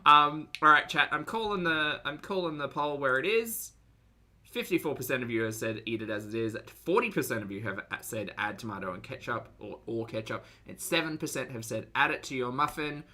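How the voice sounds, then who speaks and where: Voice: medium pitch, animated, fairly quick, bright, forceful tone. A streamer giving blunt, sarcastic live commentary to chat and swearing freely. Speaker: streamer reacting to videos.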